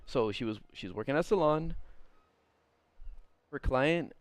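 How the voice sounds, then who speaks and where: A man's voice: mid-range voice, lively intonation, measured pace, no room sound. A man on a live stream reading a story aloud and ranting about it, rambling and swearing, often laughing at what he reads. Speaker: streamer reading viewer stories. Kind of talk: casual live-stream commentary.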